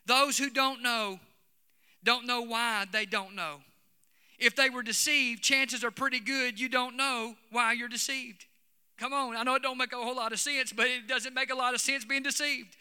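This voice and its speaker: High, bright-voiced preacher in a reverberant hall. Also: male voice, clean tone. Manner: emphatic preaching with repeated phrases and call-outs to the congregation. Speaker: pastor. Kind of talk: sermon. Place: church hall.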